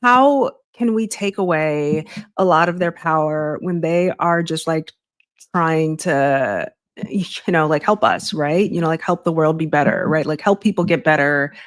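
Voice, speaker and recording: A woman's voice: deep voice, unhurried, no echo, studio quality. A woman hosting an interview who talks in a chatty, searching way with many fillers. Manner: chatty, many fillers and restarts, laughs easily. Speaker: podcast host. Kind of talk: conversational interview.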